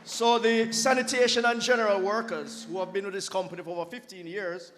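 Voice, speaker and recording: A man with a high-pitched voice announces award presentations formally. He projects over a PA microphone, and the banquet hall carries a long reverb. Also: steady tone, a little fast, a bit bright, a little hiss or hum. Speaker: awards ceremony co-host.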